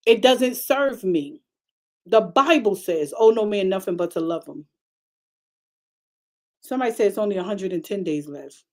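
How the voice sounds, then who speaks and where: A middle-aged woman pastor preaching a sermon in a conversational, vernacular style that keeps rising into emphatic, high-pitched bursts. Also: animated, normal speed, long pauses, a little mellow.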